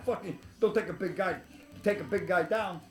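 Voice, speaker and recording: A man's voice: high-pitched, moderate pace, faint music behind. A man telling rambling, blunt stories to the camera, swearing constantly and laughing at his own tales. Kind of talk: rambling profane storytelling. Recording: echoey room.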